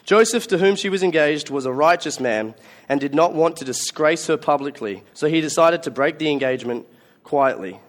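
A man's voice: a little high, lively intonation, moderate pace. A man preaching a Christmas sermon, telling stories in a conversational, self-mocking way. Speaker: pastor.

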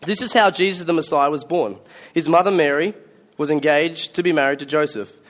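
A man's voice: a little high, a little fast. A man preaching a Christmas sermon, telling stories in a conversational, self-mocking way. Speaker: pastor.

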